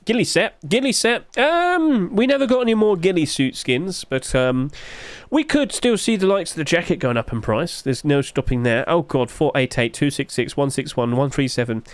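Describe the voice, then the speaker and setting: A man's voice: on the high side, sing-song, moderate pace, clean tone, no room sound. A man, musing aloud in casual livestream commentary and asking himself rhetorical questions. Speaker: streamer.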